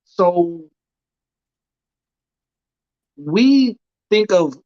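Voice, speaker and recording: A man with a slightly high voice talks slowly and thoughtfully about scripture. He often pauses to search for his words, and his mic sounds dull and lo-fi. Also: animated, a little mellow. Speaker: podcast co-host. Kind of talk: reflective casual discussion of scripture.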